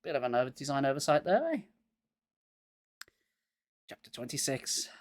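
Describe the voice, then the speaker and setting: A man's voice: mid-range voice, sing-song, moderate pace, no room sound. A man getting over a cold, giving a live reading of a children's horror book and breaking off with sarcastic asides. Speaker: reader.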